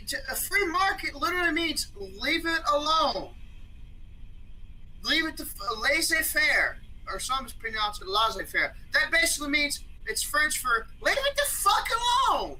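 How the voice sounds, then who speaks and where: A man guest on a podcast, talking in a rambling, profane, excitable way. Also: extremely high pitch, a little hiss or hum, rough recording. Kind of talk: casual podcast discussion.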